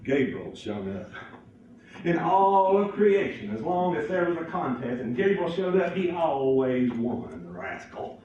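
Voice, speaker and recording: A man's voice: a little high, big pitch swings, unhurried, mellow, muffled recording. A man telling a folksy tale live, chuckling often as he goes. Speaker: storyteller. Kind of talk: live storytelling. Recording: echoey hall from far off.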